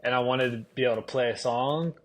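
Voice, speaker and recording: Young man, halting and easygoing. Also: mid-range voice, fairly bright tone, a little hiss or hum. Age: young adult. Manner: hesitant, lots of "like", easygoing. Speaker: guest ballplayer. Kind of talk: casual interview chat. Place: podcast studio.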